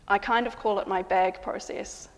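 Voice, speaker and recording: A woman composer calmly describing how she works, in measured, reflective narration. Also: mid-range voice, long reverb tail.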